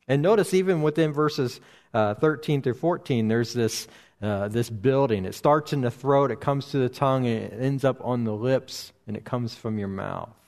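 A man teaching through a Bible passage verse by verse, speaking slowly and deliberately with frequent pauses and restarts. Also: mid-range voice, darkish tone. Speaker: preacher.

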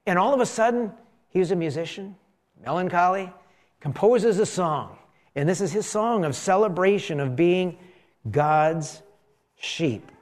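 A middle-aged pastor with a fairly high voice preaches in an easy, conversational way. He drifts into side stories, then slows right down to stress key lines. He leads his listeners in repeating them back to him. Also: animated. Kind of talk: sermon.

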